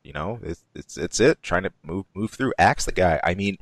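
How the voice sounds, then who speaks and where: A man co-hosting a podcast in a casual chat, measured and hesitant, repeating words as he thinks. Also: low voice, animated, no room sound. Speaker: podcast co-host.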